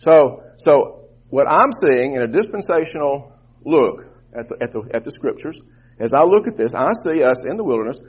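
A husky mid-range voice with lively intonation and normal speed belongs to a pastor preaching fervently to his congregation. He repeats words to build his points, and the recording sounds tinny and muffled, much like a phone call.

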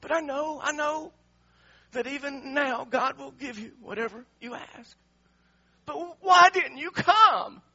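A man's voice: very high-pitched, unhurried, lo-fi sound, pitched above the performer's own voice, heavily acted. A man voicing an anguished, weeping woman. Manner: pleading, shouting through tears. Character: grieving woman, anguished and reproachful.

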